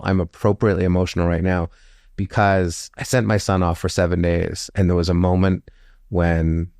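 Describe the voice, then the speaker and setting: A low-voiced man in his fifties tells a personal story with animated flair. He acts out the people he quotes by jumping up in pitch, then settles back into reflective commentary. The sound is close and dry. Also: moderate pace, no echo. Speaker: storytelling guest. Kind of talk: telling a personal story in an interview.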